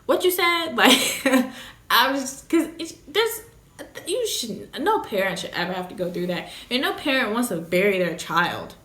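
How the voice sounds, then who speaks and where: A young woman vlogs in a frank, emotional way, swearing freely as she talks. Her voice sits at an everyday pitch for a woman. The sound carries a noticeable room echo. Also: sing-song, measured pace, bright, forceful tone. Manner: blunt, profane, emotional. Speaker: vlogger, new mother. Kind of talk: candid casual vlog talk. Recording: echoey room.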